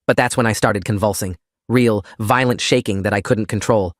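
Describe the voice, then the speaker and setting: A man narrating a first-person story in a steady, plain reading voice. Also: on the low side, normal speed, no echo, studio quality.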